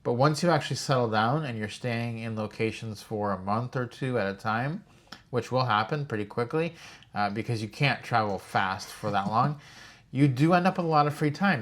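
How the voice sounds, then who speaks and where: Man calmly explaining point by point. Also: mid-range voice. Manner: steady, listing examples point by point. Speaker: co-host of a retirement travel channel. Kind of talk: casual explanatory chat to camera.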